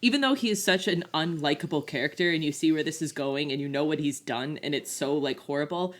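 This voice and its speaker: A woman's voice: sits low, fast. A woman co-hosting a casual movie podcast, chatty and full of "like", animatedly retelling scenes. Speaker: podcast co-host. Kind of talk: casual movie review chat.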